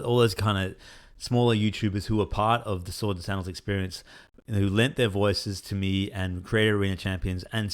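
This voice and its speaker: A man, a solo game developer, talking candidly and rambling with many fillers. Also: lowish voice. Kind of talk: casual talk to camera.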